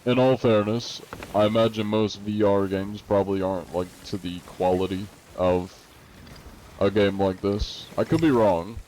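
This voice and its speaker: A young man streaming a game at home, answering chat in an easygoing, rambling way with lots of fillers. His voice sits on the low side, and a faint hiss hangs under it. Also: fairly even intonation, measured pace, darkish tone, low-quality recording. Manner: laid-back, rambling with fillers. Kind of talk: casual live-stream chat, reading chat questions.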